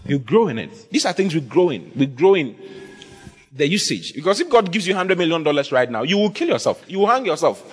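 A man preaching a sermon as pastor, in an animated, repetitive style full of rhetorical questions. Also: fairly high pitch, a little fast, husky.

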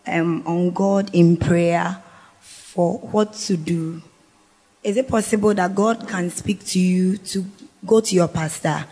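A man in the congregation politely asking his pastor a question, slow and hesitant. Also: sits high, darkish tone, slightly rough, poor audio.

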